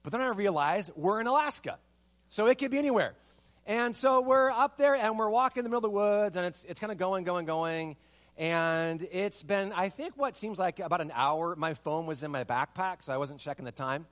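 High-voiced pastor telling a sermon story. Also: male voice, moderate pace. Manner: animated storytelling, repeated rhetorical questions.

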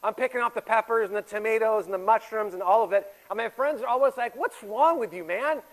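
A man in his forties preaching a sermon as a pastor, swinging between loud emphatic stretches and hushed, intimate ones. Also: sits high, quick pace, low-quality recording. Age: 40s. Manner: animated, shifts from loud emphatic to quiet intimate.

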